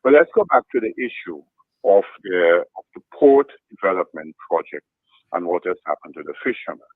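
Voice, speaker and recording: A man on a radio talk show, speaking in a deliberate way and walking the other speaker through a chain of leading questions. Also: sits low, sing-song, dry recording, phone-quality sound.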